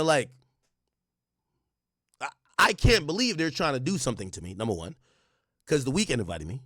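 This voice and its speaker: A man's voice: a little high, brisk, pauses often, no echo, studio quality. A young man livestreaming, telling a story to his chat in a casual, profane way and acting out the back-and-forth with quoted voices. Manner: animated, reenacts exchanges with quoted voices; casual and profane, frequent restarts. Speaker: streamer.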